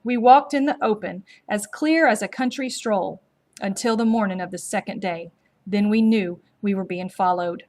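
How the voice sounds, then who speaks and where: Woman slowly reading a storybook aloud. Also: medium pitch, darkish tone. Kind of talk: storybook read-aloud narration.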